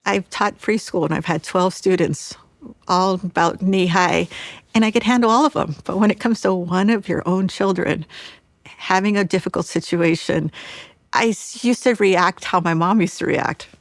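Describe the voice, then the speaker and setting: A woman's voice: on the low side, moderate pace, dry recording. A mother and former preschool teacher reflecting candidly on how she reacts to her child. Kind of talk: personal account in an interview.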